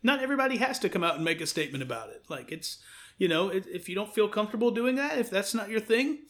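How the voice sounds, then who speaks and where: A man's voice: high-pitched, lively intonation, fast talker, fairly bright tone. A man co-hosting a sports podcast, chatting casually and joking around, sometimes rambling into silly bits. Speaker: podcast co-host.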